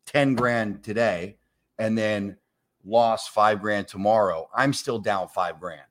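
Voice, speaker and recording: A man's voice: lowish voice, slow pace, a bit bright. A man in his forties, a comedian from New York, telling a story in casual chat. He acts out the voices of the people in it and swears freely. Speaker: comedian guest.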